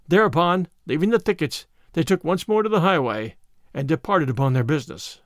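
A man reading an old adventure story aloud in an expressive, lilting way. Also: a little high, brisk, no echo, studio quality.

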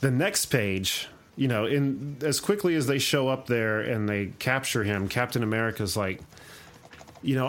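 A man on a podcast telling a long story in casual chat, animated, with casual swearing. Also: medium pitch, moderate pace.

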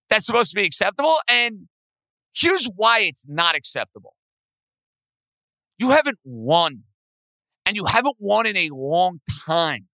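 A man's voice: sits high, pushed and bright, no echo, poor audio. Ranting, sarcastic sports talk host, man. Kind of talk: sports talk podcast rant.

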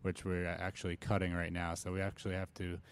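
A man on a talk show stream talking casually in a flat, monotone way. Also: low-pitched, a little fast. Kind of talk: casual chat.

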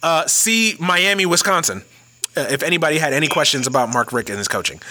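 A male podcast host talking sports in a loose, profane rant, often stumbling over his words and restarting. His voice is bright and forceful, sitting fairly high for a man. His pitch swings widely as he gets worked up. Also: lively intonation, brisk. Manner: profane, ranting, many restarts. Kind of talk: casual sports chat.

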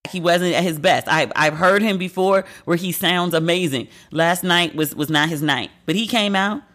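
A woman's voice: fairly low pitch, moderate pace, a bit bright. A woman host in casual chat, telling candid, profane stories with playful acted asides. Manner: candid, profane, gossipy storytelling.

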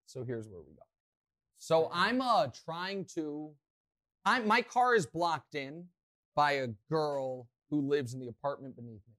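A man hosting a podcast, telling a rambling, self-mocking story with lots of excitement. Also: fairly high pitch, unhurried. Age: adult, past college. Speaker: podcast host. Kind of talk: animated storytelling.

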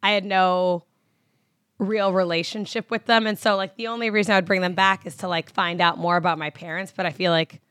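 A woman's voice: on the low side, fairly even intonation, brisk, a bit bright, dry recording. A woman co-hosting a podcast, chatty and self-deprecating in casual conversation. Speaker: podcast co-host. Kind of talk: casual chat.

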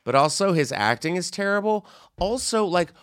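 A man's voice: high-pitched, lively intonation, moderate pace, fairly bright tone, clean tone. A man co-hosting a comedy podcast, chatting casually and mocking celebrity gossip, breaking into squealing voices when he quotes people. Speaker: podcast co-host.

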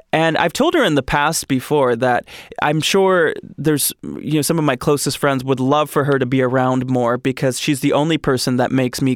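A man hosting a podcast, chatting excitedly and joking while he reads out listener ghost stories. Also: medium pitch, dry recording, clean studio sound. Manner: excitable, gushing and jokey. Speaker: podcast host. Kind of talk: casual podcast chat and reading listener stories.

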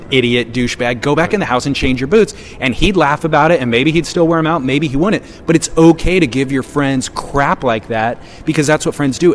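A man talking in relaxed podcast chat, his voice at an ordinary middle pitch. He tells his side with animation, slipping into quoted lines as he goes. A faint hiss sits under the voice. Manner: animated, acts out quoted remarks. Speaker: podcast co-host. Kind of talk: casual chat.

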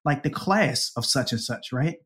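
A man as an interview guest, telling a personal story in a lively way, laughing often and acting out the people he quotes. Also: medium pitch, moderate pace. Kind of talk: conversational storytelling.

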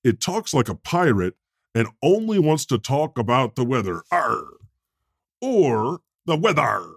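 A man playing a lively, joking God. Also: mid-range voice, a little slow, creaky, slightly rough, no echo, studio quality, exaggerated voice. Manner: animated, joking storyteller. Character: God, a chatty, joking male deity. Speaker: podcast co-host. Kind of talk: comedic improv podcast.

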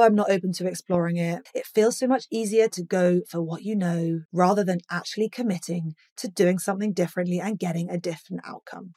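A woman's voice: on the low side, darkish tone, no echo, studio quality. A young woman hosting a solo podcast, talking frankly and animatedly, swearing freely and acting out quoted rants. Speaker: podcast host.

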